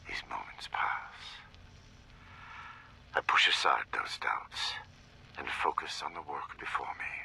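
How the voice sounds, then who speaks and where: An actor playing a grim male scientist who speaks a brooding, solemn confession log in a gravelly whisper, in a video game. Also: very deep voice, bright, forceful tone, heavily acted, poor audio.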